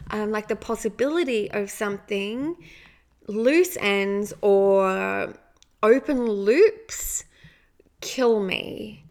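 A woman, hosting a casual motivational podcast and talking in a chatty way, often adding "like" and "right?". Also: fairly high pitch. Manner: chatty, frequent "like" and "right?" asides. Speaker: podcast host.

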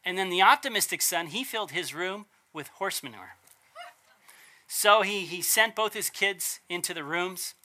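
Chatty preacher guy, bright voice, asks the room questions, restarts his sentences a lot. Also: high-pitched, expressive, moderate pace. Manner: chatty, asks rhetorical questions, self-corrects. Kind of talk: casual conversational sermon.

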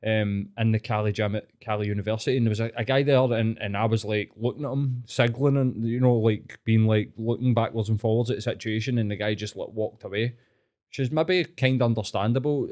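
Here a young Glaswegian man chats casually, telling animated, sweary stories. He talks fairly quickly in a fairly low voice.

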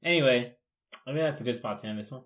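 Chill dude hosting a podcast, slangy and joking around. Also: male voice, mid-range voice, quick pace, fairly bright tone. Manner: laid-back, laughs often, casual slang. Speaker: podcast host. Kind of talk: casual podcast chat.

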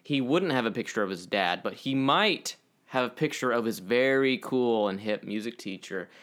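A man's voice: mid-range voice, lively intonation, normal speed, fairly bright tone. A man co-hosting a podcast, chatting casually and rambling into jokey asides. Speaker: podcast co-host. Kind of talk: casual chat.

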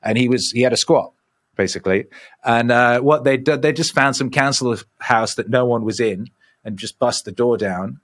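A man's voice: medium pitch, moderate pace. A man in his forties, a musician guest telling rambling, profane stories in a casual interview. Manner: profane, rambling, animated storyteller.

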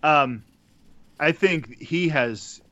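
Male radio broadcaster guest, relaxed storyteller, muffled dry recording. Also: fairly high pitch, drawn-out words, dry recording. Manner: relaxed, laughs between points. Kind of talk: casual conversational interview.

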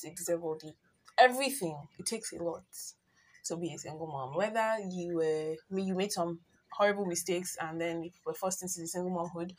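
A teenage girl with a Nigerian accent talks straight to her listeners in a casual solo podcast. She is chatty and earnest, jumping from loud bursts to quiet, soft asides. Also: on the low side. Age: teens. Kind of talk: casual personal monologue.

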